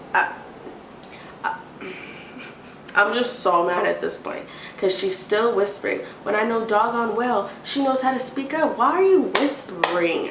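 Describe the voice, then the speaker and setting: A young adult woman telling an exasperated storytime rant, animated and mimicking a timid whisper now and then. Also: mid-range voice, moderate pace, gravelly. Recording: roomy, distant, faint hiss.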